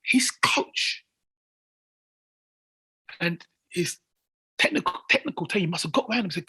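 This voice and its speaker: A man, talking as an interview guest in excitable bursts, repeating words as he builds to near shouts. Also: sits high, moderate pace, pauses often, husky. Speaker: guest athlete. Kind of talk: casual interview chat.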